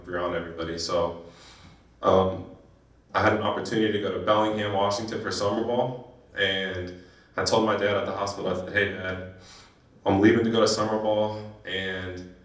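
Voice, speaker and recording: Young man from San Diego, speaking at a banquet, slightly low voice, heavy room echo, heard from a distance. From San Diego, California. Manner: emotional, halting storytelling with restarts. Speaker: guest speaker. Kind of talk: personal speech at a banquet. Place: banquet hall. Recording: echoey hall, voice from a distance.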